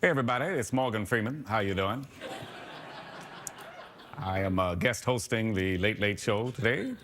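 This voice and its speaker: A man's voice: lowish voice, normal speed, fairly bright tone, slight background noise, natural voice. A man voicing a laid-back, goofy male puppet guest who drawls and swears casually in late-night comedy. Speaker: talk show guest.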